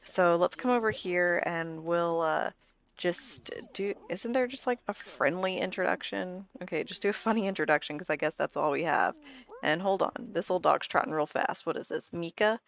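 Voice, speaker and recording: A woman's voice: on the low side, normal speed, vocal fry. A young woman, a mother, chatting casually as she plays a life-sim game for viewers. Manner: chatty, bubbly, talks to viewers as "girl" and "guys". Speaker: gaming channel host.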